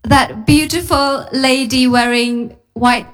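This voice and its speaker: A woman English tutor explaining natural phrasing in a careful, gentle way. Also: sits high, fairly even intonation, takes it slowly. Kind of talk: teaching spoken English.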